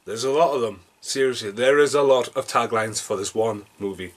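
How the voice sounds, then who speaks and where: A man's voice: medium pitch, fairly quick. A man from Britain reviewing a movie casually, rambling and self-deprecating, with jokey asides and mumbled mutters.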